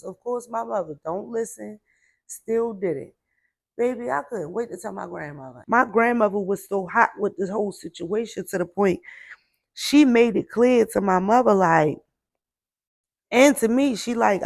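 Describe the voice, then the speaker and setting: A woman recounts a childhood memory in casual, chatty storytelling, peppering it with "like" and "baby" as she vents. Her voice has a gravelly fry running through it, set at a middling pitch. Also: expressive, normal speed, no room sound. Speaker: storyteller sharing a personal testimony.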